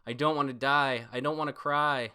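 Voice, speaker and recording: A man's voice: medium pitch, fairly even intonation, moderate pace, bright, forceful tone, clear, resonant tone, voice pushed up. A man voicing a frightened young boy heir, speaking in an anguished, pleading way.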